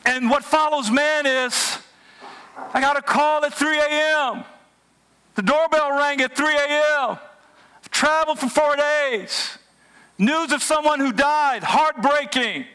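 A male pastor with a high, bright, ringing voice delivers a lively sermon. He preaches in a conversational way, joking with the congregation and swinging between playful asides and earnest points. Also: a little slow. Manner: animated, humorous conversational preaching.

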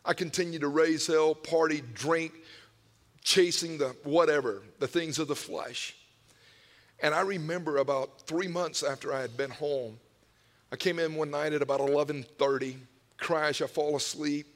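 A man preaching a sermon, telling personal stories with emotional swings from hushed whispers to loud cries. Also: on the high side, steady tone, moderate pace. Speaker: pastor. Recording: long hall reverb.

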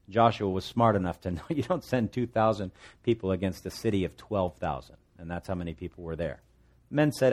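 A man with a lowish voice preaches through a scripture passage, reading it aloud. He acts out its prayers with rising, pleading emphasis and drops into easy conversational asides with the congregation. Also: moderate pace, darkish tone. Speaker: pastor. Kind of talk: expository sermon.

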